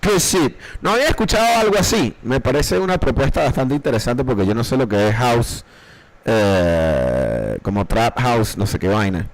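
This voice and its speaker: A young man livestreaming from his dark bedroom, chatting casually and profanely in a rambling, jokey way as he reviews listeners' beats. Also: medium pitch, lively intonation, a little fast, rough recording. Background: faint music.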